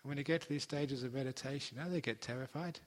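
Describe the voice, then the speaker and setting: A man giving a gentle, playful meditation talk as a teacher, slowing down for emphasis. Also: mid-range voice. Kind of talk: dharma talk. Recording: long hall reverb.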